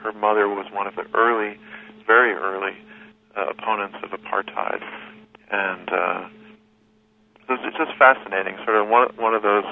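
A man telling a story as an interview guest, thoughtful and unhurried, often restarting his sentences. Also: lowish voice, steady tone. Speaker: guest recounting a journey. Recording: tinny phone line with faint noise.

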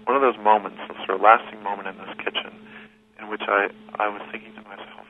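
A man telling a story as an interview guest, thoughtful and unhurried, often restarting his sentences. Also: fairly low pitch, level tone. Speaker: guest recounting a journey. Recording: tinny phone line with faint noise.

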